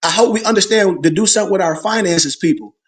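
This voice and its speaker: A man's voice: sits high, quick pace. A man leads a Sunday school class. He preaches emphatically and with animation, drawing call-and-response answers from his listeners.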